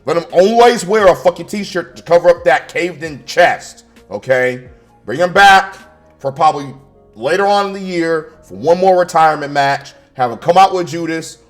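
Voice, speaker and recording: A man with a slightly high voice tears into a wrestling show in a heated, profane rant. He sounds angry and sarcastic and swears constantly. Quiet music plays behind him. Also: animated, normal speed. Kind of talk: profane ranting review.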